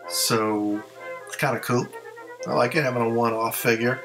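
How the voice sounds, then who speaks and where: A man's voice: medium pitch, steady tone, normal speed, music in the background, poor audio. A man who collects ventriloquist figures, chatting casually in a rambling show-and-tell and second-guessing himself as he goes.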